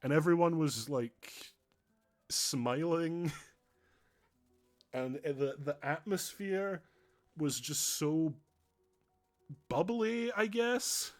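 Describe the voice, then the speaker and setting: A man's voice: on the high side, drawn-out words, long pauses, faint music behind. Earnest rambling male streamer. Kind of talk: just chatting stream.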